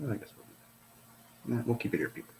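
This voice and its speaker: A man's voice: fast, a little mellow. A middle-aged man, a retired police officer, gives casual commentary on a released document. He talks in an exasperated, sarcastic, rambling way.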